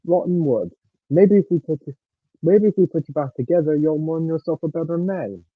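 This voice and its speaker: A man putting on the voice of a stern, portly male railway boss, scolding in a gruff, clipped way over a tinny line. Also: a little high, moderate pace, voice pushed up. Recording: dry tinny phone-like line.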